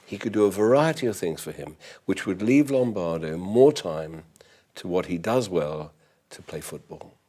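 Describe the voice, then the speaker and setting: Deep-voiced older London man, very polite. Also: a little mellow. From East End of London. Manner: polite, precise and formal, with a polished London lilt. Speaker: butler school head and toastmaster. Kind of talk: interview answers.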